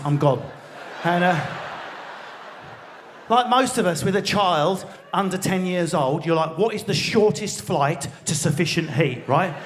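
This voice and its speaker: An English man with an Essex accent doing a live stand-up routine in a large theatre, ranting fast with lots of swearing and sudden shouts. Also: high-pitched, slight background noise. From England. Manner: rapid, swearing, mock-outraged rants with frequent shouting. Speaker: stand-up comedian. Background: audience laughter.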